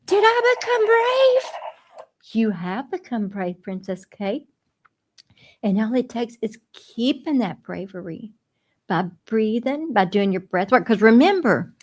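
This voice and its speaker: A woman's voice: medium pitch, darkish tone. A woman hosting a children's radio show as a dog trainer, speaking in a soothing, coaxing way, like a teacher talking to kids.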